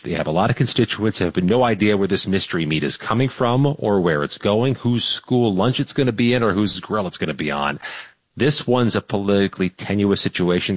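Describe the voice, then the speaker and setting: A man giving measured, wry political analysis as a weekly radio guest. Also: low-pitched, no room sound.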